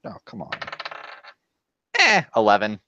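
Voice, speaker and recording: A man playing a tabletop game, describing his moves loudly and animatedly. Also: on the low side, unhurried, a little hiss or hum. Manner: animated, loud. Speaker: player. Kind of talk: casual tabletop game play. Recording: dull, lo-fi, dry.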